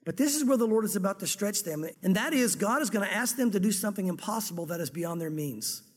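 Male pastor, high voice, lively storyteller, sermon recorded in a church hall with long reverb. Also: quick pace. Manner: lively storytelling, dramatizing scripture dialogue.

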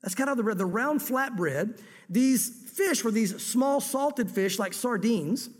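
Male pastor, high voice, lively storyteller, sermon recorded in a church hall with long reverb. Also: slow. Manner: lively storytelling, dramatizing scripture dialogue.

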